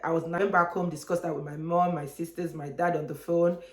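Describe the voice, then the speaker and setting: A young woman, telling a personal story on her vlog in an animated way and acting out other people's voices. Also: lowish voice, fairly quick. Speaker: vlogger. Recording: echoey room.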